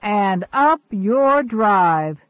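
A man's voice: sits high, lively intonation, measured pace, no echo. Male reader as a gaunt sneering slave catcher, mocking and menacing, dry lo-fi sound.

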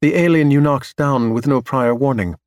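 A man voicing a calm, precise android scientist who speaks matter-of-factly. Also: mid-range voice, normal speed, no echo, clean studio sound, close to an everyday voice. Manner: completely calm, matter-of-fact.

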